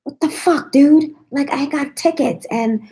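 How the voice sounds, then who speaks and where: A woman acting out a furious young man at a hotel bar who rants and curses. His voice rides higher than hers, and the words come out loud and exasperated as he vents. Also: a little slow. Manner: ranting, cursing.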